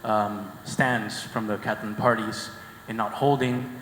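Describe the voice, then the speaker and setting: Low-voiced man asking a hesitant question. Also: flat delivery, unhurried, a bit bright. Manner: hesitant, many fillers, earnest. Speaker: audience member asking a question. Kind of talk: conference Q&A. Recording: echoey hall, faint background noise.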